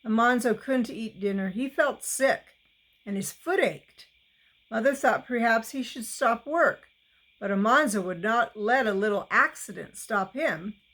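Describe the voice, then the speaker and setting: Slow, deliberate woman reading aloud. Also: on the high side, a bit bright, poor audio. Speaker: reader. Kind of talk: reading a children's novel aloud.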